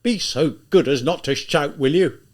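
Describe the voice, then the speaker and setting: A man voicing a quick-tempered police lieutenant who shouts and bullies, in an audiobook reading. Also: on the high side, pitched above the performer's own voice, lightly acted. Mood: bawling. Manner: shouting, bullying.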